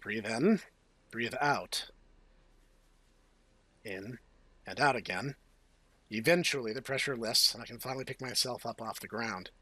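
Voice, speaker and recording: A man's voice: medium pitch, measured pace, pauses often, sharp tone, no echo. A man hosting a let's play, reading game text aloud with playful, jokey asides. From United States. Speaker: host.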